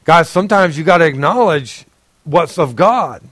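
A man, a pastor, giving a sermon in a casual, conversational storytelling way, often clearing his throat and laughing with the congregation. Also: a little high, lively intonation, measured pace, fairly bright tone, no room sound.

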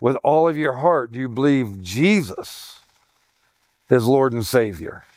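A man's voice: medium pitch, expressive, measured pace, a little mellow, dry recording, studio quality. A middle-aged male pastor giving a conversational sermon, emphatic, repeating his points and dropping folksy asides.

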